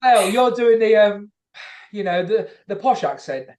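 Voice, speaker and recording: A man's voice: sits high, animated, measured pace, darkish tone. A man from London with a London accent, hosting a comedy podcast in a jokey, casual way and swearing freely. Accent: London English. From London, England. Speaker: podcast host.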